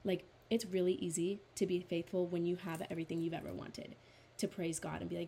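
Earnest young woman, lower voice. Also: flat delivery, brisk, vocal fry, mellow, slight background noise. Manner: earnest, chatty, full of "like" fillers; reads scripture aloud in a steadier voice. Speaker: devotional Bible speaker. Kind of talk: casual Bible study talk.

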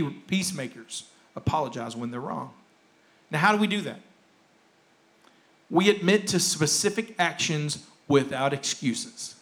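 A man's voice: high voice, a bit bright. A male pastor preaching a sermon, emphatic and repetitive, acting out the excuses people make. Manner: emphatic, repeats key phrases, acts out quoted excuses. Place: church.

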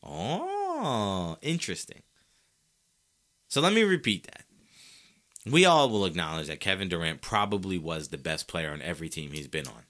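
A low-pitched man moves briskly through his solo sports talk show. He's lively and argumentative, leaning on rhetorical questions and casual slang aimed right at his audience.

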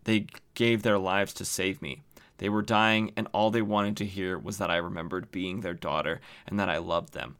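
A man's voice: low voice, steady tone, normal speed, fairly bright tone, clean tone. A man reading as a grieving young heroine. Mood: sorrowful. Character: young woman hero, grieving and gentle. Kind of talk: reading comic dialogue aloud.

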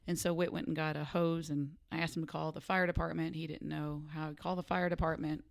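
A woman co-hosts a casual chat in a low, gravelly voice, speaking briskly. She animatedly tells a story, acting out the lines of the people in it.

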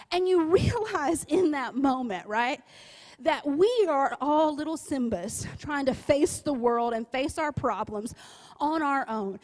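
A woman with a high voice delivers a lively sermon. She tells a story in a conversational way, often asking "right?", then rises into emphatic, repeated declarations. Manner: rising, emphatic preaching. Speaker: preacher.

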